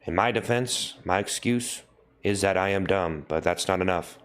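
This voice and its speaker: A man hosting a livestream, repeating a deadpan mock confession over and over. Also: low-pitched, moderate pace. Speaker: livestream host. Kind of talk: mock-solemn livestream apology.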